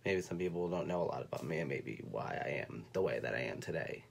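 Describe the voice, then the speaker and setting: A young man from North Carolina telling a personal story on a livestream, speaking in a soft, halting way and fighting back tears. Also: very deep voice, animated, gravelly, a little hiss or hum. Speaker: vlogger. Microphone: phone or webcam.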